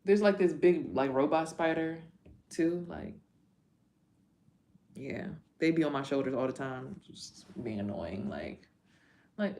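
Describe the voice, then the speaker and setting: A woman's voice: low-pitched, lively intonation, measured pace, long pauses, dark tone, a little hiss or hum. A woman hosting a casual livestream as a tarot reader. She talks in a loose, rambling and profane way, full of slang and side remarks to viewers.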